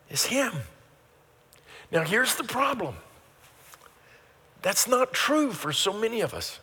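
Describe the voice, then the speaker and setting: Older male pastor, bright, hall echo. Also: sits high, breathy edge. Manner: earnest, repeats phrases, builds to rising emphatic peaks. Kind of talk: sermon. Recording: sermon in a reverberant church hall.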